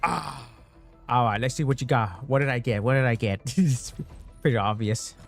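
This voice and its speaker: A man streaming a game, chatting casually with his viewers, swearing constantly and getting excited over his pulls. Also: mid-range voice, a little fast, faint music behind. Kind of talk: casual gaming stream chat.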